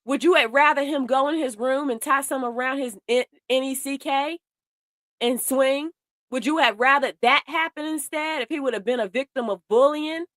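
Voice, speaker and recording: A woman with a high, slightly bright voice speaks in clean studio sound with no room echo. As a commentary host doing casual commentary, she's heated, blunt and profane, addressing her viewers directly in a way.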